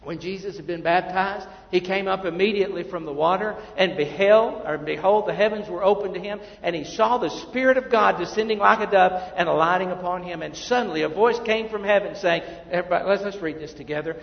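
A male pastor preaching a sermon, emphatic, then dropping to quiet asides. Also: high-pitched, a little fast, gravelly, hardly any pauses. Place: church sanctuary. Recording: muffled, echoey church hall.

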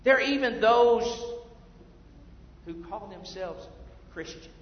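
A man preaching a sermon as pastor, swinging between hushed and loud passages. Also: high voice, takes it slowly, noisy background. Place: church sanctuary. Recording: echoey hall from far off, dull lo-fi.

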